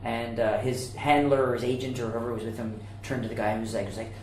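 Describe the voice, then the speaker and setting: A man chatting as a podcast co-host, mid-pitched and unhurried. He wanders through his stories with frequent fillers and false starts. The sound is roomy, with a faint hiss of ambience behind him. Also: flat delivery, a little mellow. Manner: rambling, hesitant storyteller with many fillers. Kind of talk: casual chat.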